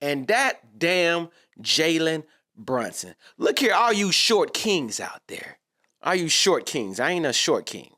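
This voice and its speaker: A man's voice: on the high side, wildly swooping pitch, takes it slowly, bright, forceful tone. A man giving a casual, slangy sports reaction monologue, talking straight to his viewers.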